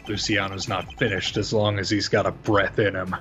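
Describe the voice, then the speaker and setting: A man's voice: low voice, level tone, normal speed, a bit bright, soft background music. A man reading a vengeful male mafia don with a blunt, tough-guy delivery.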